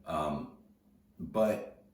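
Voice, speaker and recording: Very deep-voiced man telling a story. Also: lively intonation, very slow, a little mellow, slight background noise. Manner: rambling, conversational, with repeated restarts and quoted dialogue. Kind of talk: casual storytelling. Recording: echoey room heard from a distance.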